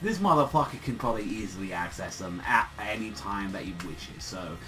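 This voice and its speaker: A man's voice: on the low side, animated, brisk, bright, forceful tone, faint music behind, poor audio. Swearing, rambling male manga reviewer. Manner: rambling, heavy swearing, lots of fillers. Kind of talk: casual chapter review.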